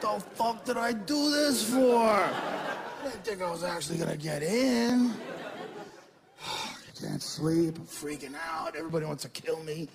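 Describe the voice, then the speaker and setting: A freshly elected president groans and frets, unable to sleep, as a male comedian puts him on. The muttering is low and worried. A laughing club crowd fills the background. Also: lively intonation, a little slow, creaky, very noisy, full character voice. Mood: panicked.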